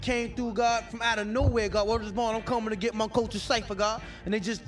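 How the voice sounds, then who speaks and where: A man's voice: sits high, level tone, a little fast, faint music behind, close to an everyday voice. A man playing a panicked young street guy who talks frantically and profanely in a skit played from an album. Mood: frantic. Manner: frantic, profane, keeps saying God.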